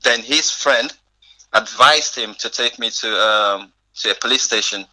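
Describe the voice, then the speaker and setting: Bright-voiced young man telling his story. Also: medium pitch, unhurried, rough recording. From Africa. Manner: animated, acts out quoted dialogue, frequent laughs. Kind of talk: casual storytelling in conversation.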